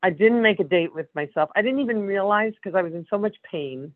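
A worn-down woman calling into a support group from her apartment, talking in a weary, halting way and breaking off mid-sentence. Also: medium pitch, expressive, no room sound. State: worn down, emotionally drained. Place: condo apartment. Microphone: phone. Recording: tinny phone line.

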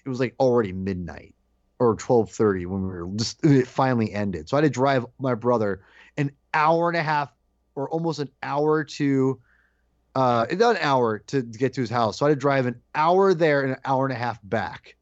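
A man in casual podcast chat, telling an animated story and acting out his own shouted lines. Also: medium pitch, normal speed, no room sound. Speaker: podcast guest co-host. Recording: dull lo-fi dry sound.

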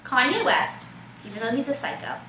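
A woman's voice: high-pitched, very animated, a little fast, sharp tone, slight background noise. A young woman co-hosting a podcast, chatting casually with gossipy, laughing energy and free swearing. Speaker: podcast co-host. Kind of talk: casual chat. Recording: echoey room from off-mic.

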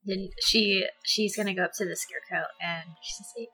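A woman player describing her character's actions in a tabletop game, earnest and animated. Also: medium pitch, moderate pace, hardly any pauses, slightly rough, faint music behind, poor audio. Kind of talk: tabletop role-play.

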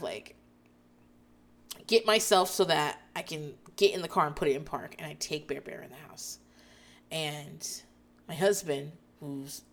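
A woman in her thirties, a mother of four, telling a story in casual chat, animated and quick to swear and laugh. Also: low-pitched.

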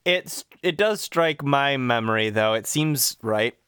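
A man playing in a tabletop role-playing podcast, recapping events deliberately with occasional chuckles. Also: mid-range voice, expressive, fairly bright tone, clear, resonant tone, no echo, studio quality. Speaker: player.

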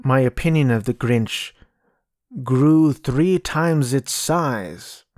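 Slow-talking rambling man. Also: mid-range voice, a little mellow, dry recording, studio quality. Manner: rambling, self-correcting, mocking impressions. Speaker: podcast host. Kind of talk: casual solo podcast talk.

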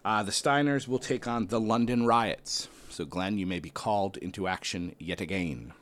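Lower-pitched man musing aloud. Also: normal speed. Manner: musing, weighing options aloud with sudden excited outbursts; self-deprecating, playful asides. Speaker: host ranking a wrestling tag team bracket. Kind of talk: casual commentary, thinking aloud.

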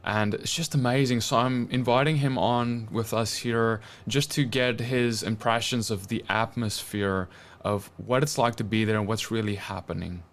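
A man's voice: on the low side, normal speed. A man hosting a faith show, commenting earnestly and introducing a guest. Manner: earnest, animated, restarting phrases. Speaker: show host. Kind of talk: casual commentary.

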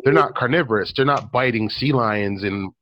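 A man's voice: medium pitch, normal speed, dull audio. A man chatting casually on a podcast, telling a story with lots of ums and likes. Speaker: podcast co-host. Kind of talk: casual chat.

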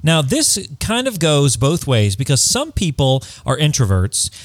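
A man's voice: a little high, wildly swooping pitch, measured pace, no room sound. Conversational man in a dry room. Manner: conversational, acts out quoted remarks. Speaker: podcast co-host. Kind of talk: casual advice chat.

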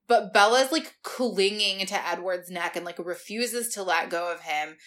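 A woman in relaxed podcast chat, recapping a story with dry sarcasm and plenty of swearing. Her voice sits at an ordinary middle pitch. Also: moderate pace, hardly any pauses. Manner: sarcastic, swears freely, recaps with quoted asides. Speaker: podcast co-host. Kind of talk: casual book-discussion chat.

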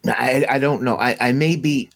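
A man co-hosting a casual movie chat show, talking enthusiastically with halting restarts. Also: medium pitch, fairly even intonation, vocal fry, dry recording. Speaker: co-host of a movie watch show.

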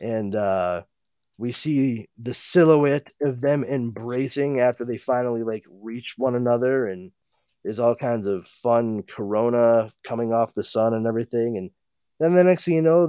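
Halting man recapping a comic. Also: medium pitch, mellow, clean tone, no room sound, clean studio sound. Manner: halting, full of fillers and restarts, chuckling. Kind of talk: casual comic-book recap.

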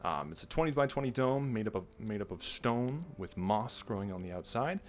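A man runs a tabletop game in a fairly low voice, relaxed and unhurried. He describes the scene with many filler sounds as he thinks aloud. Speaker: game master.

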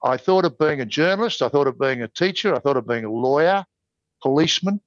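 Measured older Australian man, dull line. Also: fairly high pitch, expressive, no room sound. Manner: measured and genial, pausing to think. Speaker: interview guest. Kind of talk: casual interview chat.

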